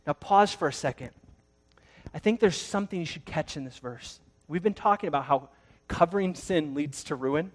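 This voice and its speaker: A pastor delivering a sermon with a slightly higher-than-average voice. He tells the story dramatically, jumping from loud, fast bursts to hushed, slow words.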